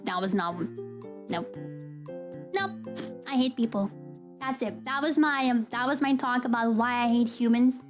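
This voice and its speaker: Young woman, streamer, high voice, animated ranting, laughs a lot, casual live chat, faint music behind. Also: moderate pace, long pauses.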